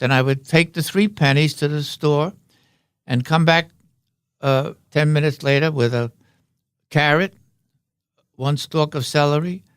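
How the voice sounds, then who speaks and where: An older man, a guest in a podcast studio, casually tells rambling anecdotes and jokes. His voice is on the high side and clean, with no echo and studio-quality sound.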